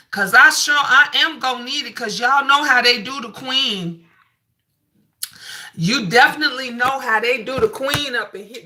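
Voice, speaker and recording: Middle-aged woman live-chat host, high and bright, swinging pitch, slangy excited banter, phone mic in a bathroom. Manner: greets chatters excitedly, laughs often, slangy banter. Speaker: livestream host. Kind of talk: casual live chat reading comments. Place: her bathroom.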